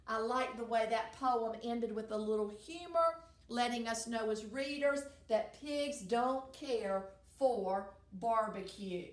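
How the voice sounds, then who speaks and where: Woman teacher, cheerful sing-song lesson delivery, slow and unhurried, echoey room sound. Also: a little high. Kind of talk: recorded class lesson with songs.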